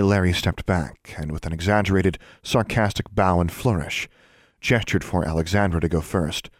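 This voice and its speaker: Guy reading a story aloud, real low voice, kinda husky, dry close sound. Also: no room sound. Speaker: audiobook narrator. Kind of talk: scripted narration.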